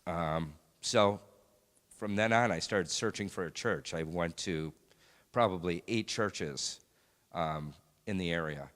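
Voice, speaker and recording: Deep-voiced man giving a halting church testimony. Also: fairly bright tone, smooth. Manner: halting, reflective, many pauses and fillers. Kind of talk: personal faith testimony. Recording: long hall reverb.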